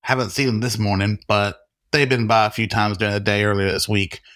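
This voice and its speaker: A man reading the part of a wary, gruff male bartender at a beach bar in an audiobook. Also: lowish voice, steady tone, a little fast, fairly bright tone, natural voice.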